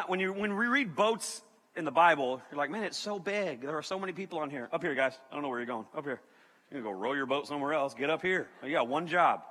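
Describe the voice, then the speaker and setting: A man preaching to students as a youth pastor, animated and joking, talking to the crowd. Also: on the high side. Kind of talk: sermon to students. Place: large hall with audience. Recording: reverberant hall.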